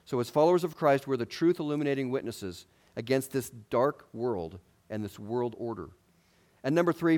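A male preacher talks through his sermon in a relaxed, conversational way. He often asks the congregation questions and adds light humor. His voice sits at an ordinary middle pitch.

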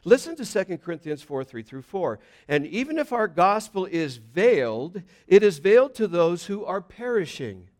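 A man delivering a sermon in a voice a touch higher than most men's. He moves between forceful, loud declarations and quiet, low asides as he works through scripture. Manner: preaching with swings from loud emphasis to hushed low passages. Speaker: pastor.

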